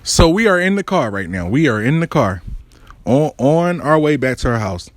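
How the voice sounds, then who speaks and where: A man telling a story in casual storytime style, profane and animated with street slang. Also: mid-range voice, moderate pace, no echo.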